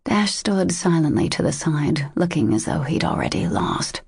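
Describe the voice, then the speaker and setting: A woman narrating a romance audiobook in a steady, measured way. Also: sits low, creaky, husky, no room sound, studio quality. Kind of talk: scripted narration.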